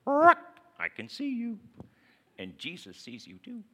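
A man voicing a small, preachy pet parakeet that calls out a burglar in a high, squawking voice. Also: huge pitch swings, slow pace, fairly bright tone, big-room sound, full character voice. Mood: ominous.

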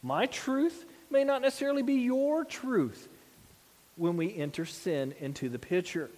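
Male pastor, high-pitched voice, casual sermon delivery, heavy hall reverb. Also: unhurried, darkish tone. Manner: conversational preaching with rhetorical questions.

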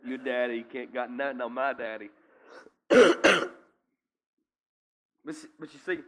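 Bright-voiced male preacher teaching. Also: fairly low pitch. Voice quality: occasional coughs and throat clearing. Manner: conversational, keeps checking in with listeners. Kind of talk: sermon teaching with scripture reading.

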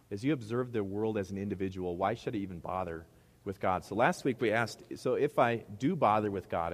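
A man with a Midwestern accent preaching a sermon to a congregation in a middle school hall, talking conversationally and asking them rhetorical questions. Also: fairly low pitch. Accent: Midwestern American. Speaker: pastor.

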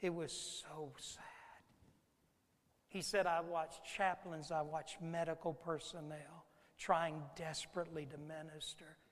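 A middle-aged pastor with a fairly high voice preaches in a big church whose sound rings out long behind him. He swings from ringing, forceful declarations down to soft, hushed words. It is a passionate sermon delivery. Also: level tone, unhurried. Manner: impassioned preaching, swinging from loud declarations to hushed intimate tones. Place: church sanctuary. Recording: reverberant sanctuary sound.

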